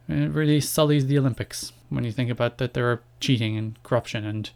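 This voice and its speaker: A man's voice: mid-range voice, fast, gravelly, a little mellow. A young Irish man hosting a solo podcast in a rambling, chatty way, with wry asides about himself. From Ireland. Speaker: podcast host. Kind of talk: casual solo podcast monologue.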